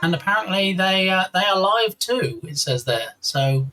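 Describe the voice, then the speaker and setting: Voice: medium pitch, animated, moderate pace, sharp tone. A live-stream host chatting casually and playfully, reading out viewer names and thanking them one by one. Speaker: livestream host.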